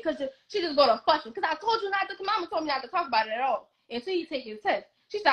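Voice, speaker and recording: Animated young woman telling a story. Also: high voice. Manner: animated, blunt, repeats herself. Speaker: guest telling her story. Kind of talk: casual storytelling.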